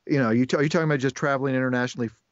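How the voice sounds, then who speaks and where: A man's voice: medium pitch, fairly even intonation, racing, no room sound. A man being interviewed as a voice actor, chatting casually and rambling with frequent restarts. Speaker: voice actor guest. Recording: dull, dry lo-fi recording.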